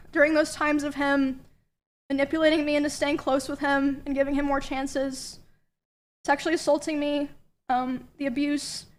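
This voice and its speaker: A woman reading a prepared personal statement in a measured, hesitant way. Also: high voice.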